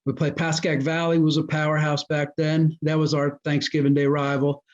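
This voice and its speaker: A man's voice: a little high, normal speed. Man telling coaching stories. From New Jersey. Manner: animated storyteller who acts out quoted dialogue. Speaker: guest, former high school football coach. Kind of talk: casual storytelling interview. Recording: muffled lo-fi audio.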